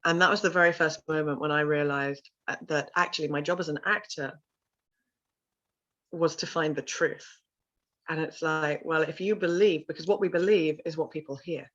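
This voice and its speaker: A middle-aged woman with a lowish voice tells her story in an interview, animated and expressive. She is a vocal coach who slips into little voices when quoting people. The audio is somewhat dull and lo-fi. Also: moderate pace. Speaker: vocal confidence coach and sound healer.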